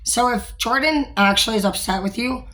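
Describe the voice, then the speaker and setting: A woman's voice: fairly high pitch, brisk, a bit bright. Rambling young woman in casual chat. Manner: rambling, frank, with frequent fillers and mild swearing. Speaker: store manager.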